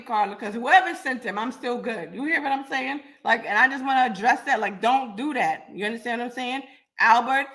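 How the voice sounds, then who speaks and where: Raspy blunt woman podcast host. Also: fairly high pitch, fairly bright tone. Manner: blunt, confrontational, addresses chat by name. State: getting over a cold. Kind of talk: live-stream talk to commenters.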